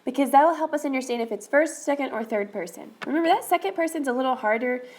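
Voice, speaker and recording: Woman teacher, recorded lesson, slightly high voice, coaxing step-by-step delivery. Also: animated, quick pace, a little mellow, low-quality recording. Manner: encouraging, repeats okay, talks students through steps. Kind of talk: recorded reading lesson for students.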